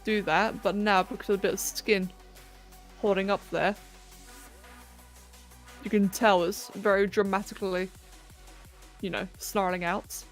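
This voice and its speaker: A woman's voice: mid-range voice, fairly even intonation, a little slow, pauses often. A woman hosting a live stream, chatting casually and thinking aloud with self-mocking humour while she sculpts. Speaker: livestream host. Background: faint electronic music.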